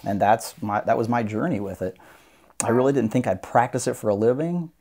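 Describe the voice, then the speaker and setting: A man's voice: mid-range voice, brisk, darkish tone. A man, a doctor of Oriental medicine, explaining his practice earnestly as a guest in a podcast interview. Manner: earnest, explanatory, acts out patients' voices.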